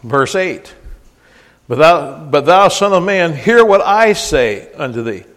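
A man's voice: on the high side, expressive, slow. Emphatic preacher man in a reverberant hall. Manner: emphatic, rises to near-shouting on scripture; folksy, with frequent restarts and asides. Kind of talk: sermon.

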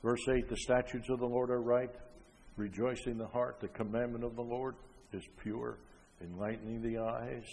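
An older man preaching a sermon, emphatic, with frequent rhetorical questions, rising loud and then dropping soft. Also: medium pitch, level tone, moderate pace, slight background noise. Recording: long hall reverb.

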